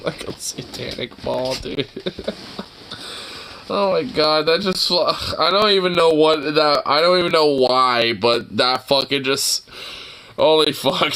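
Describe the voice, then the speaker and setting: A man's voice: on the high side, sharp tone. A young man in a casual reaction video, laughing helplessly and teary-eyed, swearing between fits of giggles.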